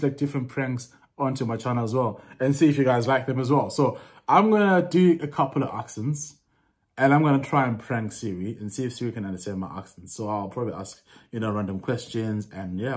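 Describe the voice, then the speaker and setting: Chatty man talking to his viewers. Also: medium pitch. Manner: chatty, loose, laughs often. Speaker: YouTuber. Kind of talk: casual vlog chat to camera.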